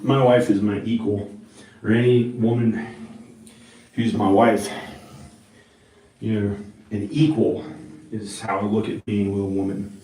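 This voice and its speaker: A man's voice: on the low side, level tone, measured pace, long pauses, mellow. A man vlogging in a rambling, profane monologue, talking into a handheld microphone. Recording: roomy, mic held far off.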